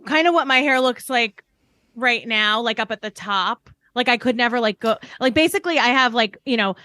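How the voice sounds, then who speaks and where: A woman chats casually as a podcast guest and rambles through her point with many fillers. Her voice sits fairly high and sounds bright and sharp. It comes across close and dry on a studio mic. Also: normal speed, no echo. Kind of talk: casual chat.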